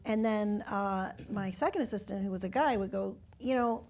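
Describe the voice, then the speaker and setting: A woman's voice: medium pitch, moderate pace, a little mellow. A woman who has worked on camera crews tells a set anecdote on a panel, matter-of-fact and wry. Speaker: camera crew veteran.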